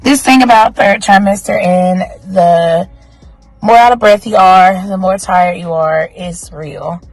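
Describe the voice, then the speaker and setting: A woman's voice: mid-range voice, unhurried, faint music behind, low-quality recording. A young woman, chatting casually to her viewers in a vlog, a bit out of breath, recorded on a phone. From North Carolina, US. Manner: chatty, talks straight to viewers. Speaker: vlogger. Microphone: phone held at arm's length.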